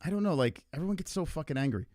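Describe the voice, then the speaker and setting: A young man chatting on his livestream, rambling and exasperated, swearing freely. His voice sits a bit high and swings up and down a lot. The sound is dry and close. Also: expressive, racing, darkish tone, no room sound. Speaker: podcast host. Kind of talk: casual livestream chat.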